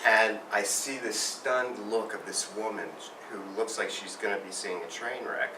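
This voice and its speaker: A man's voice: on the low side, fairly even intonation, normal speed. A man telling a rambling, self-mocking story about a near-miss on his bike. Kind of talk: personal storytelling. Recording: roomy, distant mic, faint noise.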